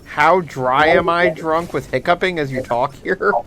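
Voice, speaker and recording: Slow, high-voiced teasing streamer. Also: male voice, a bit bright, a little hiss or hum. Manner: laughs often, teasing. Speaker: game streamer playing. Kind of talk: casual banter while gaming.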